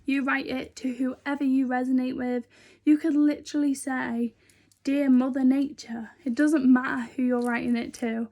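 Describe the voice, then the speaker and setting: Woman vlogger, high voice, rambling and earnest, casual to-camera chat. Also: flat delivery, normal speed, mellow. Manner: chatty and rambling, many fillers.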